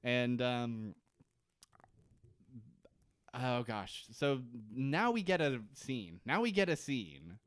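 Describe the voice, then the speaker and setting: A man's voice: medium pitch, big pitch swings, clean tone, dry recording, clean studio sound. A man co-hosting a podcast, recapping a TV episode in casual, rambling chat with frequent laughs. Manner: rambling, laughing, quick to joke. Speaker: podcast co-host.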